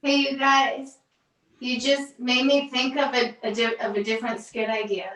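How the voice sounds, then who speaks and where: A woman's voice: fairly high pitch, flat delivery, normal speed, a bit bright. A woman chiming in with amused remarks during comedy banter. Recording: roomy, distant mic, faint noise.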